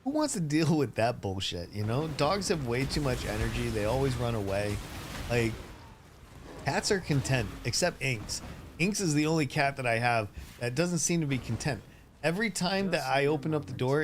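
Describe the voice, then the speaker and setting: A man's voice: medium pitch, background noise. A man streaming a game, chatting casually in a rambling way that keeps breaking off and often turns into laughter. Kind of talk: casual live-stream chat.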